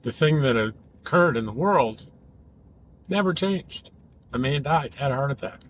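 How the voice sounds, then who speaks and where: A man who works as a cognitive behavioral therapist, talking casually and explaining ideas in a thoughtful, measured way with emphatic rises. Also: mid-range voice, animated, slight background noise, rough recording.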